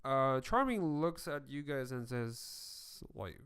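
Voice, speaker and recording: A man narrating a tabletop game as its game master. His voice is smooth and clear, and he speaks slowly, stopping often to restart his sentences. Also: mid-range voice, sing-song, fairly bright tone. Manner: halting, with many fillers and restarts.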